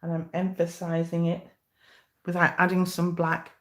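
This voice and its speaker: A woman's voice: on the low side, monotone, moderate pace. A middle-aged woman giving a live cake decorating demonstration, chatty and encouraging with many fillers.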